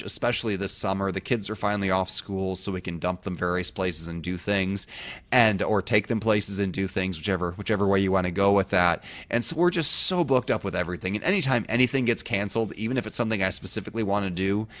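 A man's voice: low voice, quick pace, a bit bright. A man with a Midwestern American accent co-hosting a podcast, bantering in a dry, teasing, mock-serious way. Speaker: podcast co-host.

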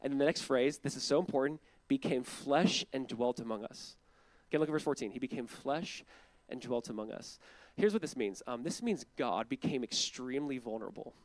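A young man preaching a casual, conversational sermon, earnest and quick to act out quotes in lively voices. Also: mid-range voice, dry recording. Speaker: pastor.

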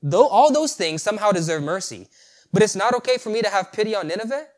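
God, as a preacher puts him on, questioning. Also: male voice, high-pitched, lively intonation, fast, voice pushed up. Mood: pleading. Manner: pointed rhetorical questioning. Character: God, patient male deity questioning gently.

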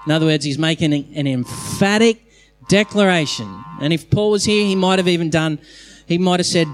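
A pastor preaching a sermon to his congregation, emphatic, with quick bursts of speech and slow stressed phrases, sometimes restarting mid-sentence. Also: on the high side, faint music behind. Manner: restarts and trips over phrases mid-thought. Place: church hall, in front of a congregation.

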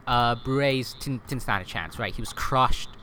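A man talks through history in a relaxed podcast conversation, peppering his points with fillers and quick self-corrections. He often checks in with "right?" as he goes. Faint background noise sits under the voice. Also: medium pitch. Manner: chatty, many fillers and self-corrections, tag questions. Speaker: podcast guest explaining history. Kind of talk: casual history podcast chat.

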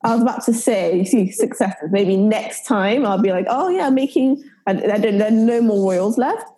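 A woman's voice: mid-range voice, normal speed, dark tone. A British woman, a baker, talking as a podcast guest in a loose, rambling way, full of fillers and restarts. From United Kingdom. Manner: rambling, filler-heavy, self-correcting. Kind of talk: casual podcast interview.

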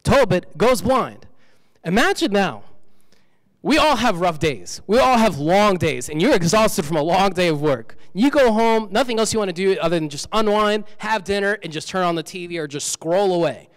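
High-voiced male preacher in a hall. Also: expressive, normal speed. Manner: conversational, repeats key phrases for emphasis. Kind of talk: sermon.

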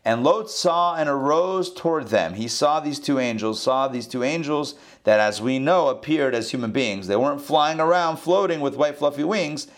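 Animated, slightly high-voiced male Bible teacher. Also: moderate pace, few pauses. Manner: animated, rhetorical questions, playful asides. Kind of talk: lively scripture class.

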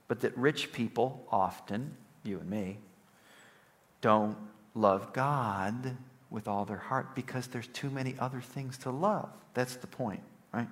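A man preaching a conversational sermon, often checking in with "right?" and swinging between emphatic, louder passages and soft, low ones. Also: big-room sound. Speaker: pastor.

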